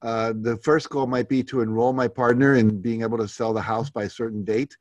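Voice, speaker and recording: A man leading a live goal-setting workshop. He reads out participants' goals and comments on each in a relaxed, conversational way with many fillers. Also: mid-range voice, fairly quick, no room sound.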